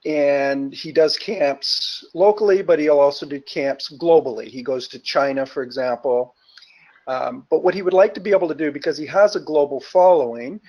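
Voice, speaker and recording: A man calls in to a webinar with a question and talks it through hesitantly, stopping often for ums and uhs. His voice sits a bit high, and it comes over a dull, lo-fi call line. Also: darkish tone. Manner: hesitant, lots of ums and uhs while describing. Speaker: webinar participant asking a question.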